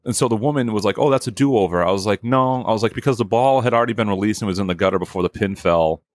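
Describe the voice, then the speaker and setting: The sound is clean studio audio with no room sound: a man with a lowish voice, talking fast. He hosts a podcast and tells a story casually, cursing hotly and acting out the dialogue.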